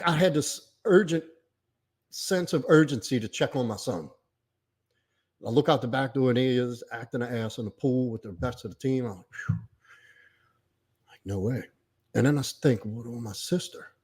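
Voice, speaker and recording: A middle-aged man telling a painful personal story on a podcast, halting and choked up at times. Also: medium pitch, a little mellow, breathy edge.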